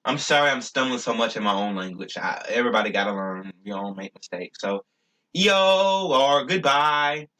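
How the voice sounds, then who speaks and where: A man's voice: on the low side, steady tone, quick pace, hardly any pauses, bright, forceful tone. A young man talking casually in a rambling vlog, stumbling and restarting often with many fillers. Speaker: YouTuber.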